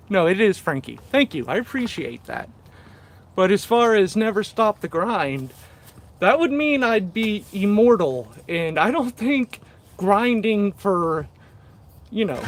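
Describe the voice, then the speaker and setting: A man chatting casually on a live stream while working, reading viewer comments aloud and joking about himself, short of breath. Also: sits high. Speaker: mushroom grower streaming live. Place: indoors at a mushroom-growing workspace. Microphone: camera set up nearby, moves in and out of frame.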